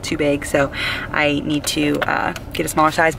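A young woman in her twenties chatting excitedly to her phone camera in a casual vlog. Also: low voice, moderate pace, vocal fry, a little hiss or hum. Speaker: vlogger.

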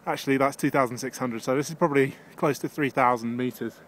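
Breathless male vlogger on a mountain ridge, chatty and rambling, mid-pitched voice, faint wind noise. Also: fairly even intonation, fast talker, a bit bright. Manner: rambling, chatty, with many fillers. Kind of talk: casual handheld vlog narration. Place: outdoors on a high mountain ridge.

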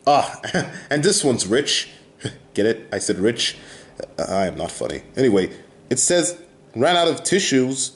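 A man's voice: on the low side, big pitch swings, unhurried, pauses often. A young man hosting a casual reaction video, ranting in an exaggerated, mocking way with goofy asides. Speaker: YouTuber. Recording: roomy, distant mic with music playing.

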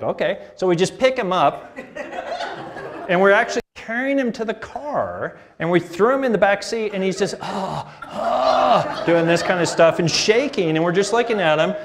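A man's voice: high-pitched, noisy background. A middle-aged man preaching a sermon, telling a family story with laughter and acted-out dialogue. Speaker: pastor.

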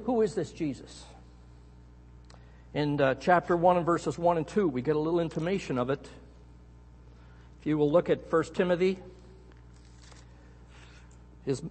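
A middle-aged Canadian man preaching a sermon, telling a story with animated emphasis on key words. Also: on the high side, breathy edge. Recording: echoey hall.

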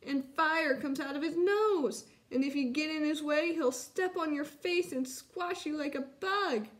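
Small frightened raccoon cub, high and pleading, as a woman reads him out. storybook read-aloud. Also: very animated, takes it slowly, full character voice. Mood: scared. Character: young boy raccoon cub, scared and pleading.

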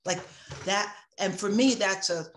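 A woman in her sixties, an author speaking in an interview, impassioned and reflective, moving between emphatic and hushed moments. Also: mid-range voice, unhurried, a little hiss or hum. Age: 60s. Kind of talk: interview conversation.

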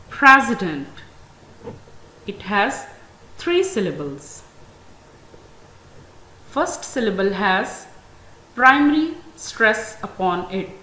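A woman with a Pakistani English accent, teaching an English class, speaking very slowly and deliberately and stressing each example word. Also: medium pitch, fairly bright tone. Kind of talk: classroom lecture. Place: school classroom. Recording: echoey room, faint ambient noise.

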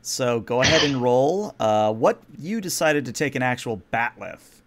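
A man's voice: mid-range voice, animated, a little slow. A man running a tabletop role-playing game as game master, explaining the rules patiently and narrating the action.

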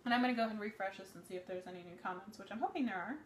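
A woman in her thirties hosts a live cooking demonstration from her home kitchen, rambling chattily and often correcting herself mid-sentence. Her medium-pitched voice sounds slightly worn and races along, with a little hiss or hum in the audio.

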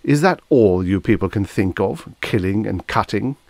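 A courteous, good-natured alien creature that talks in formal, well-mannered phrases, read by a man. The voice is pitched a little above a deep natural register and sounds close and dry. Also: lively intonation, moderate pace, creaky, darkish tone, no echo. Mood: genteel.

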